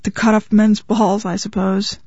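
A woman's voice: medium pitch, little pitch movement, measured pace, warm tone, breathy edge, no room sound. A desperate, heartbroken husband who pleads and pities himself, as a woman reading the story puts him on. The sound is slightly muffled and dry, with no room around it. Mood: pleading. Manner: pleading, self-pitying.

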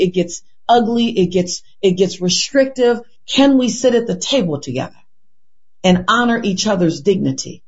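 A woman with a mid-range, slightly mellow voice answers an interview question with earnest passion. As a guest building her argument, she poses rhetorical questions and repeats and restarts words. The recording sounds dull and lo-fi.

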